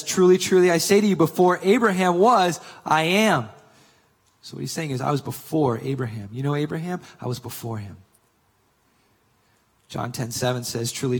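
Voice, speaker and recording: A male pastor preaching a sermon, reading scripture slowly and building emphasis on his main points. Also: mid-range voice, husky, in a large hall. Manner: emphatic preaching, slowing for scripture and rising on key claims.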